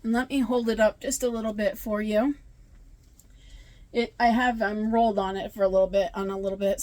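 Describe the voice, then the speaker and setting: Woman, fairly high voice, casual crochet vlog, rambling, self-correcting, tired. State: tired, yawning. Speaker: crochet vlogger. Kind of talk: casual chat.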